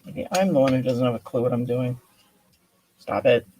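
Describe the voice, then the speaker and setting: A man's voice: medium pitch, fast talker, warm tone, a little hiss or hum. A man casually thinking aloud while assembling a kit, muttering to himself with self-deprecating asides. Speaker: kit builder streaming a build.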